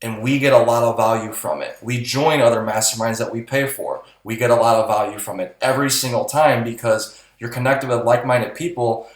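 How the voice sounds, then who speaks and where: Podcast co-host, a man, pep-talk style, blunt, mid pitch, roomy sound. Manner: motivational, blunt, swears casually. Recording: roomy echo.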